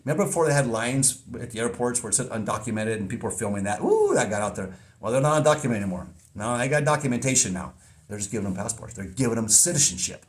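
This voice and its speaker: A man's voice: medium pitch, animated, rapid-fire. A middle-aged man hosting a podcast, talking in a casual, rambling monologue with frequent restarts. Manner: rambling, repeats words and restarts. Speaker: podcast host.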